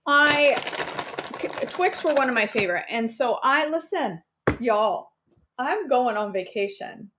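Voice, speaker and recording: A woman's voice: a little high, lively intonation, measured pace, noisy background. Chatty woman hosting a cooking stream. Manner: chatty and playful, talks to viewers. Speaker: cooking show host. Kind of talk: casual live cooking chat. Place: home kitchen. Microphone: camera on a counter.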